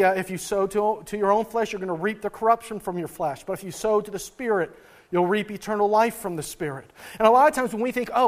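High-voiced man preaching a casual sermon. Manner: conversational, laughs at own stories, frequent restarts. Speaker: pastor.

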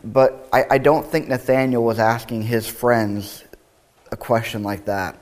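A man's voice: mid-range voice, normal speed. A male pastor reading scripture aloud, then preaching in a conversational, reflective way with wry asides.

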